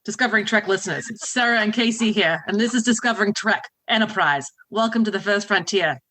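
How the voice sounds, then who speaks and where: Woman doing a broad put-on Boston accent, showy and rhyming, bright tone. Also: medium pitch, quick pace, poor audio. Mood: playful. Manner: sing-song, rhyming, exaggerated delivery. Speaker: podcast co-host.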